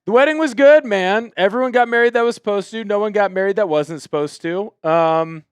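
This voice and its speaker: A man's voice: sits high, a little fast, clear, resonant tone, no room sound. A man hosting a live sports stream, greeting chat viewers in an upbeat, chatty way. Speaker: host.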